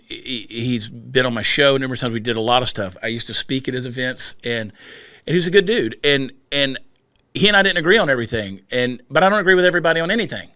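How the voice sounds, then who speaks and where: A middle-aged Southern man with a bright, forceful voice talks in a fast, animated storytelling rush. His voice is close to the mic, with no room echo. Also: mid-range voice. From rural Georgia. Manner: rapid-fire, animated storytelling. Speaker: podcast guest, comedian. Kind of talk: casual podcast conversation.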